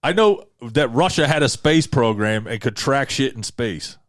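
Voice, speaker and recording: A man's voice: mid-range voice, expressive, normal speed, fairly bright tone, no echo, clean studio sound. Insistent man arguing on a podcast. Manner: insistent, argumentative. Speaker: podcast co-host. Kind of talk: casual podcast argument.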